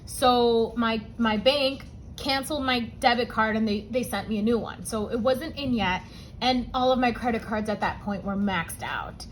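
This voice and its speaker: In a low-quality recording with slight background noise, a budgeting vlog host shares a personal story. She speaks at a moderate pace in a fairly high voice, gets emotional and at times tearful, and addresses her audience as "y'all."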